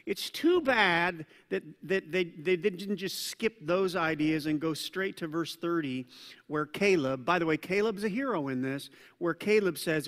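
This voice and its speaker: A male pastor delivers a lively sermon in a high, bright voice that cuts through the room. He tells the story with animation, acting out the scenes. His words ring out with the long reverb of a large church hall. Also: a little slow.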